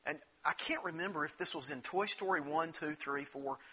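Earnest preacher man with a bright, husky voice. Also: on the high side, moderate pace. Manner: earnest, conversational, with frequent restarts. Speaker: pastor. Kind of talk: sermon.

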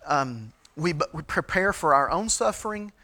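A middle-aged man as a pastor, giving a sermon-style teaching talk, halting with frequent fillers and restarts. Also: fairly high pitch, expressive, bright, forceful tone.

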